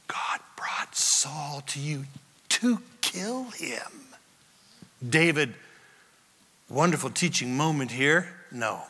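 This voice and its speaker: A man preaching a sermon as pastor, retelling scripture scenes with lively acted-out voices. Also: mid-range voice, long reverb tail.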